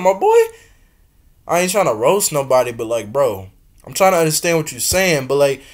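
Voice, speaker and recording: A young man casually reacting to a music video, talking in slang, swinging between loud exclaims and low mutters, laughing often. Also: lively intonation, normal speed. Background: faint music from the video being watched.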